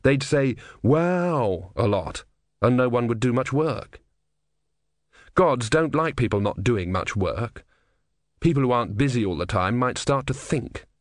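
A man's voice: medium pitch, unhurried, no echo, studio quality. Wry male audiobook narrator. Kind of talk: scripted comic narration.

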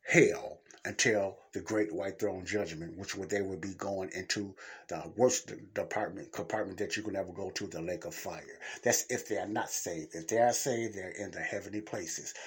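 Casting: a male host with a low, husky voice who preaches bluntly in a casual monologue. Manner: blunt, preachy, plain-spoken. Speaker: podcast host. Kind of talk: casual Christian teaching monologue.

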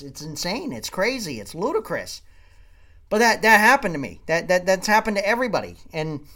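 A man hosting a podcast, ranting comedically with profanity and loud swings in volume. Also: sits high. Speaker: podcast host. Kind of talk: comedic rant.

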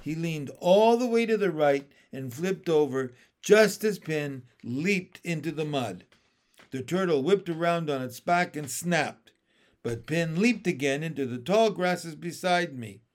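A man reading a children's story aloud in a quiet, low-key narrating manner. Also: lively intonation, a little slow. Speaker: audiobook reader.

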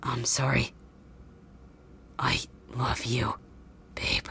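A woman voicing a brash, injured young male hero in a whispered role-play, low, hushed and curt. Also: measured pace, gravelly, a little hiss or hum, full character voice. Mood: weak, tender. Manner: curt, insults people.

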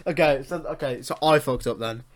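A young man hosting a podcast in casual chat, loud, swearing and laughing often. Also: medium pitch, brisk. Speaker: podcast host.

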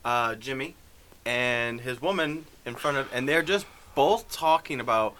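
A man's voice: medium pitch, a little slow, bright, forceful tone. A young man co-hosting a podcast in casual chat, crude and chatty, laughing a lot. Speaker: podcast co-host.

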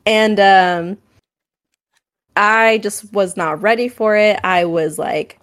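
A young adult woman co-hosting a podcast tells frank personal stories in casual conversation, speaking slowly in a medium-pitched, fairly bright voice. Her candid storytelling is full of "like" and "um."

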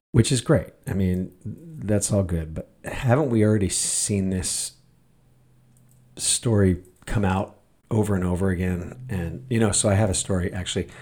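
A man's voice: low-pitched, mellow, breathy edge. A middle-aged man hosting a podcast, telling a story in a rambling way with many fillers and restarts. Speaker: podcast host. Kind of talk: casual monologue podcast.

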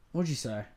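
A man's voice: mid-range voice, mellow. A male podcast host rants through relationship advice, blunt and heavy on swearing. He talks casually and with emphasis, repeating his points to drive them home.

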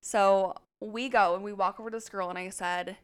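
A woman co-hosting a podcast, telling a story in an animated, chatty way and swearing freely. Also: mid-range voice, moderate pace, clean tone. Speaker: podcast co-host. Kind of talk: casual storytelling chat.

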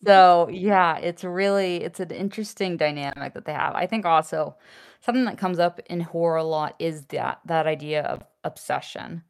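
A woman's voice: on the low side, normal speed, vocal fry, clear, resonant tone. A woman co-hosting a podcast in casual chat, laughing often and poking fun at herself. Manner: laughs often, chatty and self-deprecating. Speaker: podcast co-host.

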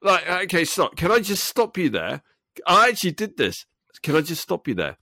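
A man's voice: on the high side, wildly swooping pitch, moderate pace, gravelly, sharp tone, dry recording, studio quality. A man co-hosting a podcast in casual chat, ranting and acting out quoted phone calls. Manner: ranting, acts out quoted call-centre lines. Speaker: podcast co-host.

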